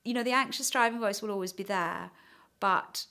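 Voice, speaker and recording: A woman's voice: medium pitch, normal speed, vocal fry, sharp tone. A middle-aged woman giving a hesitant, reflective personal account in conversation, with frequent fillers. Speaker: interviewee.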